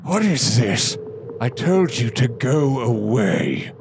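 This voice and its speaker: A man voicing a fretful old high overseer who speaks slowly and tries to wave people off. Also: wildly swooping pitch, vocal fry, noisy background, exaggerated voice. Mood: flustered. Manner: slow, fretful, dismissive.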